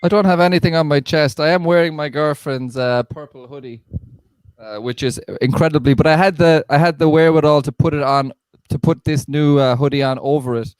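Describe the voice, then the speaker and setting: A young stand-up comedian performs a set over a video call that drifts into casual chat, rambling, self-deprecating and stammering into restarts. His voice is on the high side, brisk and clean, captured in a dry recording.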